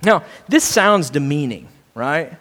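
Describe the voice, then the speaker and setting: A man preaching a sermon, earnest, restarting and repeating words and swinging between soft and loud. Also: a little high, very animated, slow pace, big-room sound. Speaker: pastor.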